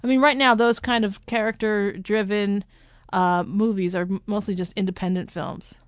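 A woman co-hosting a casual talk show, chatty and halting, laughing often between points. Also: mid-range voice, fairly even intonation, clean tone, no room sound. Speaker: podcast co-host. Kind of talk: casual chat.

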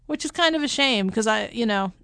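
Woman co-host, casual and chatty, halting delivery, dry close recording. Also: fairly high pitch, animated, gravelly, a bit bright, clean tone, dry recording. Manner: chatty, halting, laughs often. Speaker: podcast co-host. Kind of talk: casual chat.

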